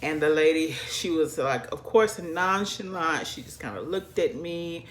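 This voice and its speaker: A woman's voice: sits low, animated, measured pace, a little hiss or hum. A woman from the South, chatting animatedly to her viewers as she tells a personal story. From American South. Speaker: vlogger. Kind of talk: casual storytelling.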